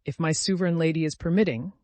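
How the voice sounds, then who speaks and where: A man voicing a stiff, gallant gentleman who speaks in a slow, formal, pompous way. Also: fairly high pitch, no echo, pitched above the performer's own voice, lightly acted.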